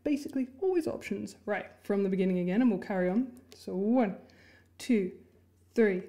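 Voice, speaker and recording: A music teacher gives a friendly, encouraging instrument lesson, counting and chanting rhythm words while she plays. Her voice is medium-pitched, expressive, and mellow, and she talks fast, with music playing underneath.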